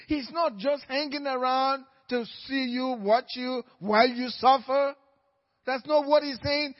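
A man preaching a sermon as pastor, moving from quiet storytelling to loud, fervent exhortation. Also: very high-pitched, measured pace. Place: church sanctuary. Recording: church hall reverb, dull lo-fi sound.

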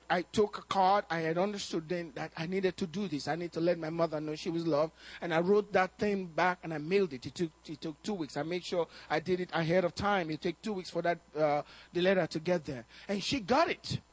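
A man's voice: a little high, brisk, hardly any pauses. A man preaching a sermon, telling a personal story with acted-out quotes and laughs. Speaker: pastor.

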